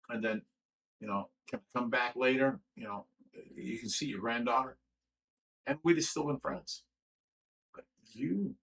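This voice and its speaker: A middle-aged man with a gravelly, tense, forceful voice hosts a livestream. He reads viewers' comments aloud, then rants about them in a sore, profane way, repeating words as he stumbles along. A faint hiss of noise sits under his voice. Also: medium pitch, low-quality recording. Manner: aggrieved, profane ranting. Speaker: livestream host.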